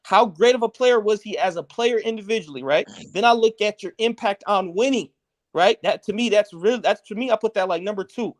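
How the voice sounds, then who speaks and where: High-voiced man ranking players step by step. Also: a little fast. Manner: lays out points step by step, tags lines with "right?". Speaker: podcast co-host. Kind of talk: heated casual sports debate.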